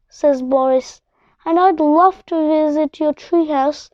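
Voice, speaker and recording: Slow, high-voiced woman reading a storybook. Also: steady tone, mellow, no room sound. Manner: unhurried storybook reading with character quotes in a similar voice. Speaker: children's book reader. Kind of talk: reading a children's book aloud. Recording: dull, muffled dry recording.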